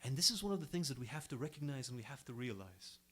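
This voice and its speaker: A man's voice: medium pitch, big pitch swings, fast talker, fairly bright tone, breathy edge. A young man giving a sermon to a congregation in an earnest, emphatic way, his voice rising and dropping sharply to stress each point. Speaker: speaker at an Islamic center.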